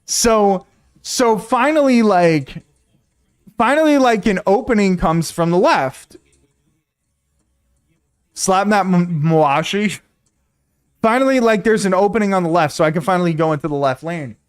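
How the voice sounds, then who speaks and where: A man streaming, telling a story to his chat in a casual, animated, profane way, often repeating himself. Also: high-pitched, unhurried, long pauses, clean tone.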